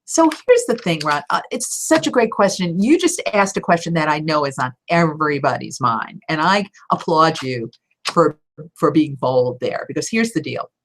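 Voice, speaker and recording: A woman's voice: sits low, expressive, slight background noise. Woman coaching with emphatic, encouraging delivery. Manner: direct, encouraging, emphatic with quick laughs. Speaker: voiceover coach answering viewer questions. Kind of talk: live Q&A teaching talk.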